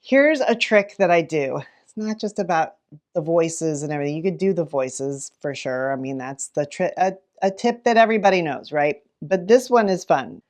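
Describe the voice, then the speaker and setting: Brief: middle-aged woman teacher, fairly low voice, animated, dramatic storyteller, gasps for effect. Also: normal speed. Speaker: teacher and children's librarian. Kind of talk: teaching tips to camera.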